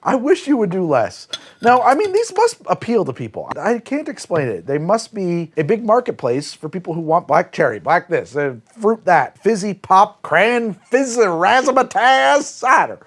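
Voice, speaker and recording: A man's voice: sits high, sing-song, normal speed, husky. A man hosting a comedic cider tasting review, sarcastic and scolding the drinks directly as if they could hear him. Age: adult, says he is not that old. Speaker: drinks show host.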